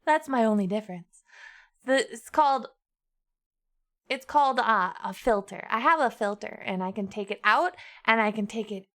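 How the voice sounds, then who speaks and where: A woman streamer chatting casually with her chat, dramatic and quick to swear. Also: a little high, animated, fairly bright tone.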